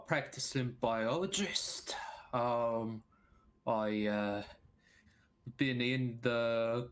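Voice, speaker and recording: A man puts on a Cockney gentleman scientist in a tabletop game, a male biologist who rambles and halts as he talks about chasing new discoveries. The delivery is slow and unhurried. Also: medium pitch, natural voice. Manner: rambling, halting with fillers. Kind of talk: tabletop role-play.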